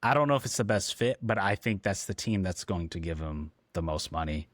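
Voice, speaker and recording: A man's voice: low-pitched, lively intonation, fairly quick, dry recording, clean studio sound. A man co-hosting a casual football podcast, talking with frequent ums and restarts. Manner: hesitant, lots of ums and restarts. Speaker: podcast co-host.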